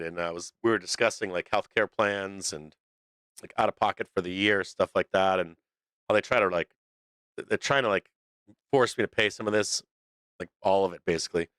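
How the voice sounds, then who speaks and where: A man's voice: lowish voice, fairly bright tone, no echo. A middle-aged man hosting a stock market livestream, talking in a blunt, profane, rambling way full of restarts. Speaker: stock market show host. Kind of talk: casual livestream rant.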